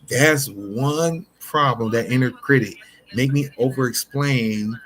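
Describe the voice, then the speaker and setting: A man's voice: medium pitch, a little hiss or hum. A man speaking directly to his viewers in an unscripted motivational talk, earnest and repetitive, often restarting his sentences. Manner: addresses listeners directly as y'all. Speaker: motivational vlogger.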